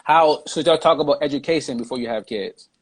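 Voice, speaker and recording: A man's voice: a little high, brisk. A man hosting a casual podcast chat, reading out viewer comments in a laid-back way. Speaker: podcast host.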